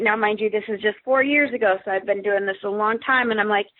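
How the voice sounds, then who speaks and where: A woman's voice: a little high, brisk. A woman guest telling a story in casual chat, acting out what people said. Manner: lively, acts out quoted dialogue. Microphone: phone. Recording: tinny phone line.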